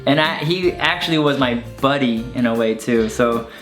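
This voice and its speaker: Showing his childhood toys in a casual chat, a young online video creator speaks at a moderate pace in a mid-range, fairly bright voice. He rambles enthusiastically with lots of fillers. The room is echoey, with faint music.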